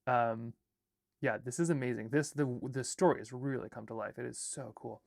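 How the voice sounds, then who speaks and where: Gravelly man thinking aloud on a livestream. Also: mid-range voice, steady tone, moderate pace, darkish tone, dry recording, clean studio sound. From Alaska. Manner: rambling, reads chat comments and draft text aloud. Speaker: artist and filmmaker livestreaming.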